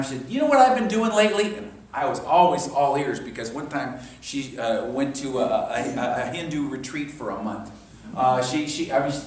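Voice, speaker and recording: A man leading a sermon-style class in a church, telling stories with lively quoted voices. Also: medium pitch, a little hiss or hum. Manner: animated storyteller, acts out quoted voices. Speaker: minister. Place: church hall. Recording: echoey hall from far off.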